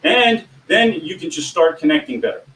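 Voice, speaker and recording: A man coaching people on giving presentations in an informal teaching talk, animated and often swinging his voice up and down. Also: on the high side, moderate pace. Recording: echoey room, distant mic, faint background hum.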